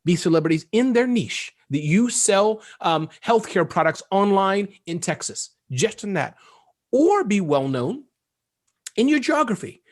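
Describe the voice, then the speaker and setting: High-pitched guy, fast and jokey, chatting as an interview guest. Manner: fast, animated, joking. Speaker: guest entrepreneur. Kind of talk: casual interview talk.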